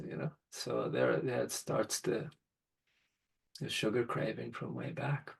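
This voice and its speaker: A man with a gravelly, husky voice shares stories in a reflective podcast conversation. He talks gently and thoughtfully, taking his time with each point. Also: mid-range voice, level tone, a little slow, low-quality recording. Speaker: podcast guest, father.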